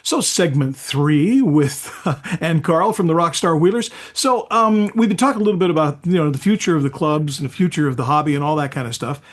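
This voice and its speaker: Casual podcast host, man, slightly higher voice, conversational storyteller. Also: brisk. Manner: chatty, warm affirmations, storytelling asides. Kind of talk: casual interview chat.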